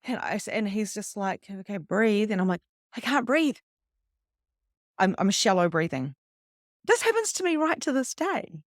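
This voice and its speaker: A middle-aged woman leads a live online spiritual workshop in a chatty, animated voice. She acts out her own moments of panic as she teaches. The sound is close and dry, with no room echo. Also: mid-range voice, normal speed. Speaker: spiritual coach.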